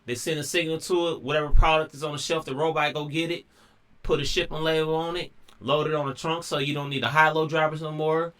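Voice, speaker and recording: A man's voice: fairly high pitch, flat delivery, quick pace, a bit bright. A man talking casually in a rambling monologue, full of slang and restarts. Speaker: commentator.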